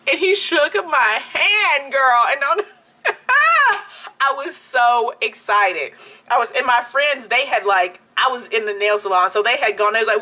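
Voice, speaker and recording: A young woman vlogger telling a story-time anecdote in a casual, animated way, laughing often. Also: a little high. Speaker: beauty YouTuber.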